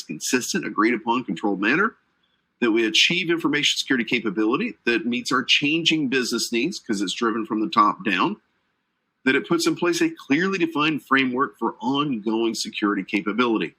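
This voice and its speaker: Delivering a live online training lecture, an Atlanta certification exam instructor chats and jokes with his audience between points. His medium-pitched voice is bright and forceful, a little fast with lively intonation, though the recording is low quality.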